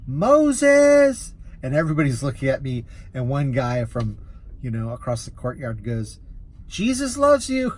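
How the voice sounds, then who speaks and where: A man's voice: mid-range voice, darkish tone. A man who drives for rideshare, telling a story in a casual vlog, easily amused and rambling with restarts.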